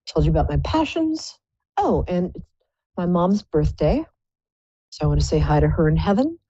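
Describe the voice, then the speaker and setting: A woman's voice: on the low side, very animated, normal speed, warm tone, husky, no room sound, muffled recording. A woman hosting a live psychic call-in show, chatting in a playful, rambling, self-mocking way. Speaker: psychic radio show host.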